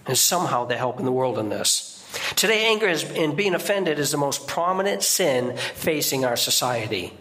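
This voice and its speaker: Middle-aged guy preaching a sermon in church, bright voice, talks kinda casual then punches words up high. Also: sing-song, normal speed. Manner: conversational preaching with repeated restarts and sudden high emphatic outbursts. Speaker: guest preacher.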